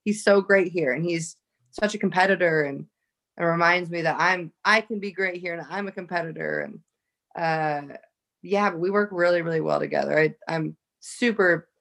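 Low-voiced woman telling stories. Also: vocal fry. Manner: lively storytelling, many likes and restarts. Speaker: fighter guest. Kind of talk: casual chat.

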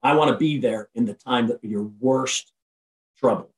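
A man speaking as a podcast guest and motivational speaker in casual conversation, energetic and preachy, often repeating and restarting his phrases. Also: mid-range voice, moderate pace. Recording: roomy sound from far off the mic.

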